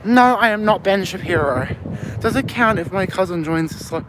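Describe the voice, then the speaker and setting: A fairly high-pitched man with an Australian accent talks casually to his live chat while walking outdoors at night. He rambles, answers questions aloud and swears freely, recorded on a handheld phone. Faint street noise and passing traffic sit underneath. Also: expressive, normal speed. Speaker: livestreamer. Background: faint street and traffic ambience.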